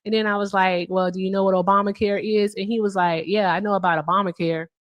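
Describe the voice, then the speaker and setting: A woman's voice: mid-range voice, steady tone, fast talker, no room sound, highs cut off. Brash, chatty woman streamer. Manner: brash, chatty, curses freely, hums and sings filler. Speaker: livestream host. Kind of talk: casual livestream chat.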